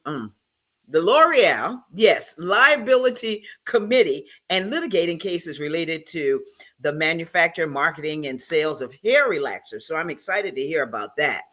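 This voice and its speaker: Effusive, lively talk show hostess. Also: female voice, low-pitched, normal speed. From Charleston, South Carolina. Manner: effusive, emotional, stumbling over words.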